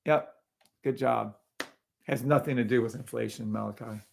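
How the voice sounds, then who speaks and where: A man's voice: medium pitch, steady tone, moderate pace, vocal fry, darkish tone, a little hiss or hum. A man hosting a live trading stream, talking casually over charts and greeting viewers in the chat, often sounding incredulous.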